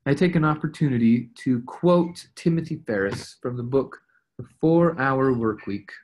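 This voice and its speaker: A man's voice: mid-range voice, normal speed, a little mellow, slight background noise. Man coaching on a team call. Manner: conversational, acts out sample dialogues. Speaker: real estate investing coach.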